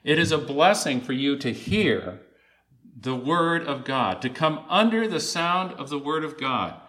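A man preaching a sermon to a gathered assembly, deliberate, with occasional fillers and restarts. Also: fairly high pitch, very animated, fairly bright tone.

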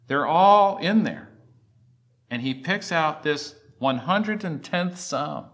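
A man's voice: a little high, expressive, slow pace, a bit bright. A man preaching a sermon, reciting scripture and asking the congregation emphatic questions. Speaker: pastor.

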